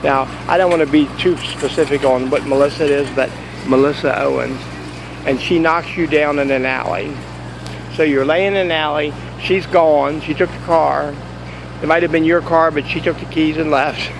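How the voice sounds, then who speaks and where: A man with a raised, gravelly voice rambles and jokes as he tells a story, chatting casually to his viewers. He records himself from a parking lot and then his parked car, with faint outdoor noise behind him. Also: on the high side, fairly even intonation, normal speed. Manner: rambling, jokey, digressive. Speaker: vlogger.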